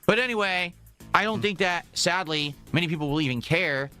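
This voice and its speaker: A man's voice: high-pitched, fairly quick, sharp tone, soft background music. A man streaming a long, emphatic rant, repeating his points with self-assured insistence. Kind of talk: ranting stream monologue.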